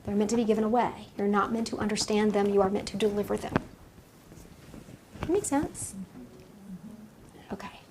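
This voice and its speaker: Against a noisy background, a woman medium speaks to a small live audience in a casual, chatty lecture, dramatizing the voices in her stories and laughing often. She has a medium pitch and moderate pace, and she pauses frequently.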